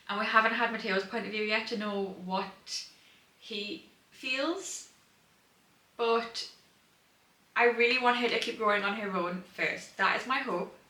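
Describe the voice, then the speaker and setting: A young woman chats about her reading in a casual vlog, gushing and excitable and full of fillers. Her voice is bright and forceful. She sits back from the mic in a roomy, echoey room. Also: on the high side. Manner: chatty and gushing, many fillers, excitable outbursts. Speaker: book vlogger. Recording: roomy sound from a distant mic.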